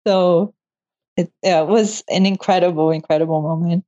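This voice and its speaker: A woman's voice: on the low side, moderate pace. Laughing woman telling her story. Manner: laughs often, emotional and animated. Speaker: interview guest, medical student. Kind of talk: casual interview storytelling. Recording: slightly dull lo-fi sound.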